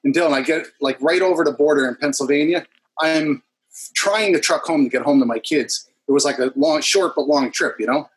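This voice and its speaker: A man with a slightly high, husky voice tells a story in a casual chat. He swears freely and acts out every line of the conversation with lively energy. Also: a little fast, low-quality recording. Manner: animated, profane, acts out dialogue in storytelling. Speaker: business owner guest.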